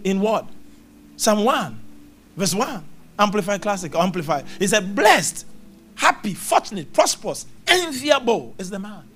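Middle-aged preacher guy, high voice that jumps all over, hammering his points with repeats, faint music under him. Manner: emphatic, repetitive preaching with scripture quotes. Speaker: pastor. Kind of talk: sermon. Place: church service.

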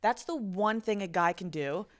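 Brief: woman co-host, casual chat, quick reactions, asks questions. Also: medium pitch.

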